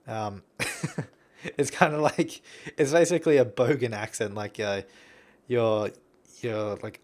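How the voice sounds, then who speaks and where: A man's voice: medium pitch, a little slow, darkish tone. A young Australian man talking casually over his building gameplay, rambling, chuckling and self-deprecating. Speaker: game builder commentator.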